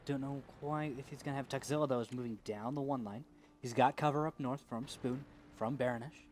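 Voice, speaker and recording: A man giving live play-by-play commentary on an esports tank match, getting louder and quicker as the fights heat up. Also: medium pitch, a little hiss or hum. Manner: rises to excited calls during fights. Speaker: esports caster.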